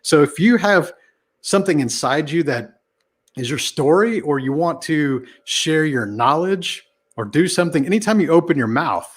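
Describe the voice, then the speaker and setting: Animated man telling stories expressively. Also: moderate pace. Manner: animated, shifts pitch and volume for emphasis. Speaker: podcast guest, entrepreneur. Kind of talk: casual interview talk.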